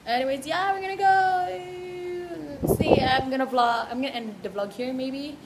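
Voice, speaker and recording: A woman's voice: sits high, a little fast, very noisy. A young woman vlogging casually into a handheld camera, chatty and giggly, rambling a little as she talks. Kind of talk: casual vlog chat. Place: hotel room and outdoor sights.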